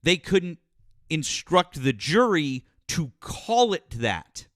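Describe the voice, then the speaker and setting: A man hosting a call-in politics show, blunt and forceful, repeating himself and swearing as he corrects a caller. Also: fairly high pitch, sing-song, slow, no room sound, clean studio sound. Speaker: show host. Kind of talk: heated call-in argument.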